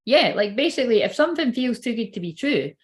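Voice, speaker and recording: A woman's voice: fairly high pitch, big pitch swings, quick pace, husky. A woman giving a casual, rambling livestream tarot reading, swearing freely and feeling unwell and tired. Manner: chatty, swearing, rambling asides. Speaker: tarot card reader.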